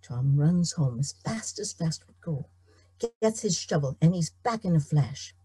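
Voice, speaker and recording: A middle-aged woman storyteller telling a folk tale in an animated, expressive way. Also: low-pitched, measured pace, breathy edge, no room sound, faint music behind.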